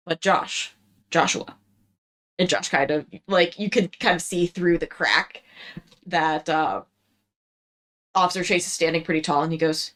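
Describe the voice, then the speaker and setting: A woman's voice: fairly low pitch, steady tone, a little slow, long pauses, fairly bright tone. A woman narrating a tabletop game as game master in a casual way. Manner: casual, filler-heavy narration.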